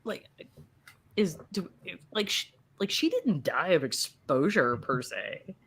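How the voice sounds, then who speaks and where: A woman co-hosts a casual podcast and talks with emphatic energy. She often stumbles and restarts her sentences. Her voice moves lively through a wide range. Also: fairly low pitch, slow, husky. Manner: animated, stumbles over her words, emphatic. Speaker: podcast co-host. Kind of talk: casual chat.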